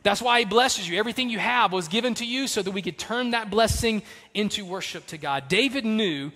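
A man's voice: high-pitched, brisk. Male pastor, sermon delivery, emphatic; long hall reverb. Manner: emphatic, swings between loud punches and soft trailing lines.

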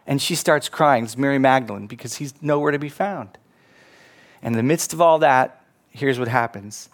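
A male pastor delivering a sermon at an ordinary middle pitch. He talks earnestly, slowing down and pressing on the words he wants the congregation to hear.

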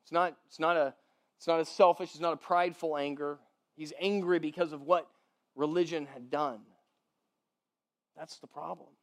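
In a fairly even intonation and a voice pitched high for a man, a pastor delivers a chatty, conversational sermon. Repeated words mark his thoughts catching up, soft laughs fill the gaps, and he regularly turns to the audience with "right?".

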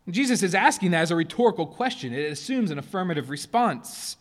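A man's voice: high-pitched, expressive, quick pace, hardly any pauses. Earnest male pastor preaching a sermon. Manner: earnest, rising to emphatic stresses then dropping soft. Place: church sanctuary.

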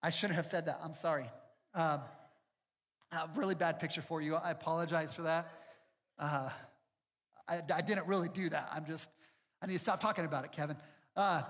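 A man's voice: fairly high pitch, brisk, pauses often, fairly bright tone. A male pastor preaching a sermon in a conversational, storytelling way with self-deprecating humor. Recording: long reverb with faint music behind.

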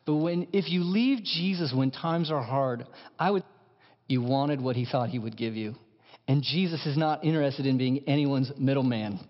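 A man preaching a sermon as pastor, impassioned, dropping to hushed lines and rising to emphatic ones. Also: medium pitch, moderate pace. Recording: dull sound in a large reverberant hall.

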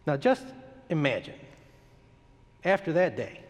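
Guy preaching a sermon, pretty high voice, big dramatic drops and climbs, long echo. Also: sing-song, lo-fi sound. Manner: dramatic rises and drops, slow emphatic lists. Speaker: pastor. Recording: long hall reverb.

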